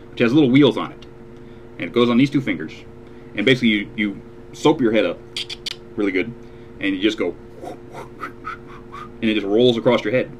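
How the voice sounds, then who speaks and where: A man with a fairly low voice hosts a casual live web show. He walks through things plainly, one step at a time, slipping in dry jokes. A faint hum sits under the recording. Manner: matter-of-fact, explaining step by step with dry jokes. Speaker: podcast host.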